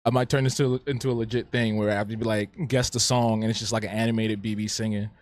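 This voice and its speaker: Talking fast in a fairly low voice with fairly even intonation, a streamer and artist runs a live drawing stream. He chats playfully, talks back to the chat, answers viewers, and repeats himself.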